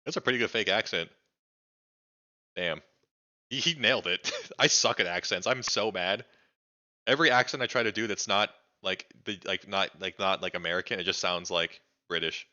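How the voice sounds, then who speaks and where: A male streamer casually reacting on a live stream, excitable and rambling, swearing freely with lots of fillers. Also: sits low, a little fast, muffled recording.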